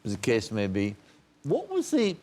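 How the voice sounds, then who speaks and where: Older male interviewer with a lively, halting delivery. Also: medium pitch. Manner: halting, repeats words while forming questions. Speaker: interviewer, talk show host. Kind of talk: probing interview questions.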